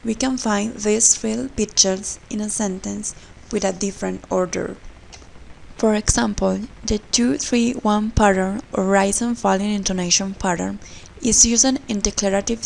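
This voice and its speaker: Woman, pronunciation lesson read aloud, gravelly voice, careful example words. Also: mid-range voice, steady tone, a little slow, a little hiss or hum, low-quality recording. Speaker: student presenter.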